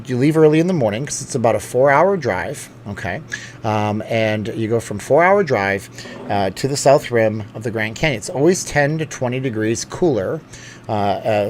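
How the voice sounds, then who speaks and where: A man's voice: medium pitch, slight background noise. A man hosting a casual live stream, reading out viewer comments and rambling, with lots of fillers and restarts. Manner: chatty and rambling, with many fillers and self-corrections.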